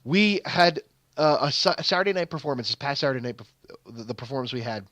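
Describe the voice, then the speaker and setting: A man's voice: mid-range voice, fast, fairly bright tone, no room sound. A young adult man hosting a game channel, telling a long stage story in rambling casual commentary, full of fillers and restarts. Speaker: gaming channel host.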